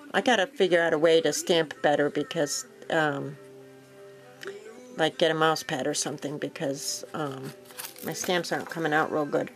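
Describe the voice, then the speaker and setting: A woman with a fairly low voice gives a casual show-and-tell of her craft work. She rambles easily, with plenty of fillers and small self-corrections. Faint music plays behind her. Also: rough recording. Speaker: crafting vlogger.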